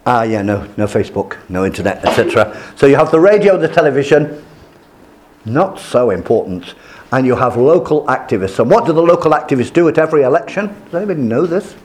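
A man's voice: medium pitch, quick pace. An older man giving a classroom lecture, telling stories and acting out the people he quotes. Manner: lively, storytelling, acts out quoted voices.

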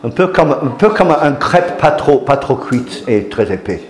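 A man's voice: medium pitch, very animated, moderate pace, slight background noise. A man giving an informal lecture to a class, hesitant with many restarts and fillers, chuckling at his own jokes. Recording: roomy hall echo.

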